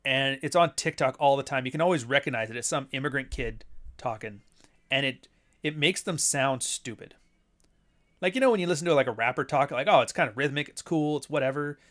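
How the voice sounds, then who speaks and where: A host and author livestreams a casual chat from home near Toronto, talking bluntly, rambling, and cursing a lot. He speaks fairly quickly in a medium-pitched, slightly bright voice.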